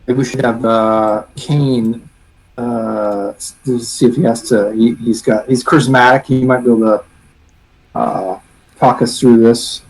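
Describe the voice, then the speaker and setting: A man playing a tabletop game, thinking aloud in a halting way full of fillers. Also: medium pitch, fairly even intonation, darkish tone, rough recording. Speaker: player. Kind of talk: casual tabletop play.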